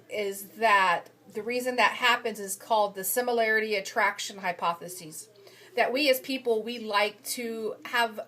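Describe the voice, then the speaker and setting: A woman's voice: a little high, a bit bright. A woman talking through journal articles on workplace rules in a casual spoken summary, hesitant, with frequent ums and restarts, recorded on a phone. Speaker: human resources student reviewing journal articles. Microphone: phone camera.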